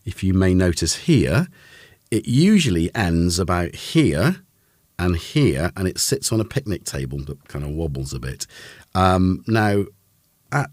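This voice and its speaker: Man, livestream host, low lively voice, dry close sound, rambling, self-deprecating. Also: no echo. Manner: rambling, self-deprecating, greets chat by name. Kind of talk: casual livestream chat. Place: home studio.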